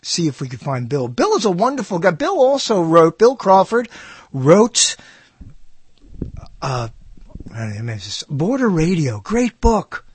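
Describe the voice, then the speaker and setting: A man's voice: sits high, big pitch swings, a little slow, husky, no room sound. A man hosting a radio show, rambling and muttering to himself as he searches through old recordings. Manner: mutters and trails off while searching. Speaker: radio host. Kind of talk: rambling talk while browsing old recordings.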